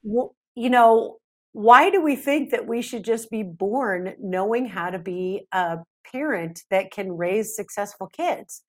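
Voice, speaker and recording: Podcast guest: middle-aged woman, chatty and animated, mid-pitched voice. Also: a little slow. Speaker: parenting expert guest. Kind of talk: podcast interview.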